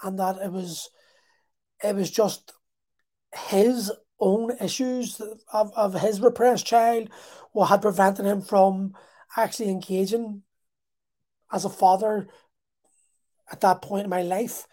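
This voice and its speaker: A man talks casually through a deeply personal story. His voice is mellow and warm. He stops and restarts often in a halting, emotional way. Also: fairly even intonation.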